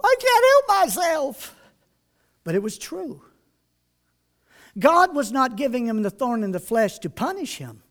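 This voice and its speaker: A man preaching a sermon in a folksy storytelling way, dropping quiet and then building loud. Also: sits high, reverberant.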